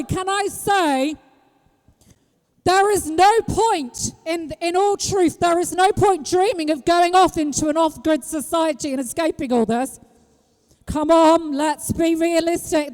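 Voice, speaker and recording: British woman activist, very high voice, rousing rally speech, reverberant outdoor recording. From Britain. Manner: rousing, rhetorical questions to the crowd, bursts of shouting. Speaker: street activist speaking at a rally. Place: outdoor public square at a rally.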